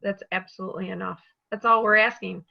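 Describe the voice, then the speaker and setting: A woman's voice: mid-range voice, steady tone, fast, creaky, lo-fi sound. A woman on the staff of a community college, speaking earnestly and from the heart in a webinar panel discussion over a video call.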